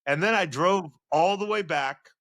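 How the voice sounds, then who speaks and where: Middle-aged guy spinning a story on a podcast, gets loud and high when hyped, dry close sound. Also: moderate pace, no echo. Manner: excitable, voice climbs high when reliving moments. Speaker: guest, sports journalist. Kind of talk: animated storytelling.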